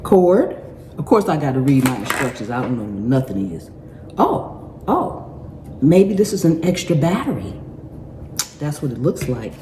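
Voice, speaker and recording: A woman's voice: deep voice, very animated, a little slow, pauses often, warm tone, slight background noise. A middle-aged woman hosting a gardening channel, gushing and laughing through an unboxing, calling her viewers y'all. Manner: exclamatory, laughing, repeats phrases, addresses viewers as y'all. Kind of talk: excited unboxing vlog. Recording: echoey room with clatter.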